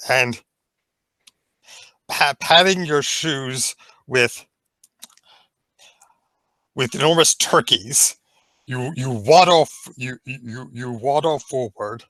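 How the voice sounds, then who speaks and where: A man leading an improvised story game, narrating playfully with halting restarts. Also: medium pitch, pushed and bright, no room sound, poor audio.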